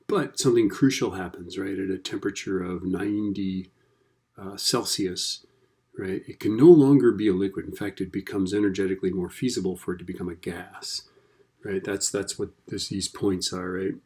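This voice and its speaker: A man's voice: low-pitched, moderate pace, a little mellow. A man teaching a recorded lesson in a chatty, casual way, often checking in with "right?". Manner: chatty, keeps asking "right?".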